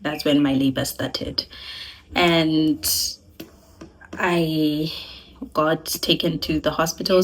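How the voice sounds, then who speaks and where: A young South African woman with a South African accent, telling her own story in a casual, animated vlog, laughing and switching between languages. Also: deep voice. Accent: South African (Sesotho-speaking). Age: young adult. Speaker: vlogger.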